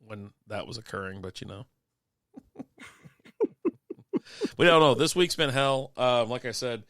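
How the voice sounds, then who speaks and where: A man with a smooth, resonant voice tells rambling, profane stories on a casual beer-and-sports stream, laughing often along the way. He is sick and has a lingering cough. The recording is dry and close, with no room sound. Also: medium pitch, lively intonation, unhurried, bright, forceful tone, no room sound. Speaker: podcast co-host.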